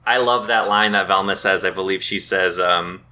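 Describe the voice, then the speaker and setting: A man co-hosting a casual podcast, joking wryly about a movie and tripping over words when excited. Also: low-pitched, moderate pace. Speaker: podcast co-host. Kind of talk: casual movie recap chat.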